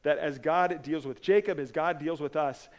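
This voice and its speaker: Earnest pastor, loud then hushed. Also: male voice, fairly high pitch, moderate pace. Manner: earnest, swings from emphatic to soft and quiet; casual asides with fillers and restarts. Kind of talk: sermon.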